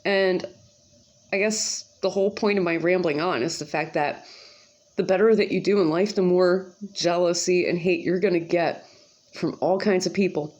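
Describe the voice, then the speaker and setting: A woman's voice: on the low side, steady tone, normal speed, darkish tone, dull audio. A woman rambling casually to camera in a vlog. She talks in a slangy, profane way with lots of asides. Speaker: vlogger. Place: home kitchen.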